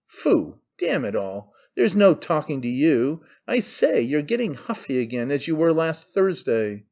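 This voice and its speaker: A man's voice: fairly high pitch, sing-song, measured pace, a little mellow, muffled recording, heavily acted. A man voicing a brash young man who mocks his father in an offhand, needling way. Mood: sneering. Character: young man, mocking, cynical, brash son.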